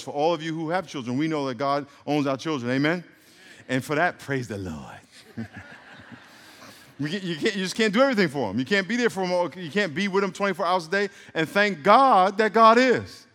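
A man's voice: a little high, lively intonation, fairly quick, fairly bright tone. A middle-aged man preaching a sermon as a pastor, joking in rambling asides and calling for responses from the congregation. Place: church sanctuary. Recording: reverberant hall.

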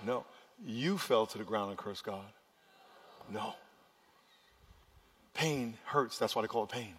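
A man preaching a sermon as pastor, swinging between loud urgent passages and quiet, hushed ones. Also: lowish voice, slow pace, slight background noise. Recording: long reverb of a large hall.

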